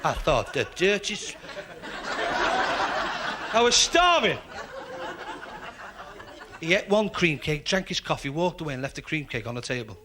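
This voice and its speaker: A man's voice: a little high, very animated, normal speed, pauses often, pushed and bright, slight background noise. A man telling a chatty, confiding stand-up story and laughing as he goes. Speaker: stand-up comedian. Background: audience laughter.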